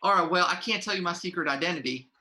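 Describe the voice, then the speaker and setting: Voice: mid-range voice, fast, sharp tone, voice pushed up, close to an everyday voice. A game master voicing a laid-back, bumbling male cowboy vigilante with an offhand drawl. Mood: easygoing.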